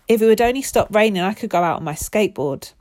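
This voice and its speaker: A woman's voice: mid-range voice, expressive, fast, darkish tone, lightly acted. A woman voicing a bored young boy who sighs and complains in a children's story. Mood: complaining. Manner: sighing, complaining.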